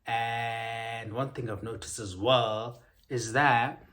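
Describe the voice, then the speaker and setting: A man's voice: mid-range voice, fairly even intonation, slow, fairly bright tone. A young man, chatting casually and upbeat to his vlog audience. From South Africa. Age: young adult. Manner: chatty, upbeat, frequent ums. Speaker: vlogger.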